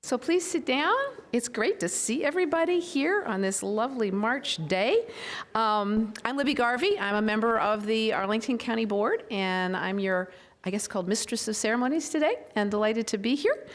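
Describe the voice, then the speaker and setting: A woman's voice: a little high, expressive, moderate pace. Chatty woman hosting a civic event. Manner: chatty and self-deprecating, with fillers and asides. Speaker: county board member, master of ceremonies. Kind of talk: informal public event hosting and proclamation reading. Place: public event room with an audience.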